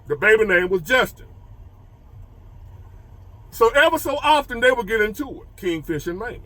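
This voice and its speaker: A man with a high voice that swings all over as he talks. His tone is bright and sharp. He tells a story and preaches advice to other men, hammering key phrases again and again. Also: no echo. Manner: animated, preachy, repeats phrases for emphasis. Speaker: motivational storyteller.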